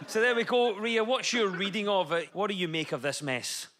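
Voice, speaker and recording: A man hosting a comedy panel show, reading out scripted jokes with a brisk, wry delivery. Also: high-pitched, animated, heavy background noise. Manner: brisk and wry, with punchlines read dry. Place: TV studio with an audience.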